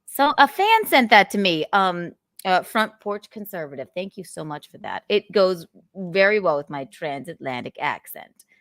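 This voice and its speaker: A woman hosts a loose, casual chat in a low-set but bright, sharp voice. Her pitch swings all over as she rambles and jokes. The sound is dry and close, with no room in it. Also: moderate pace, no echo. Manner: animated, rambling, joking. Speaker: livestream host.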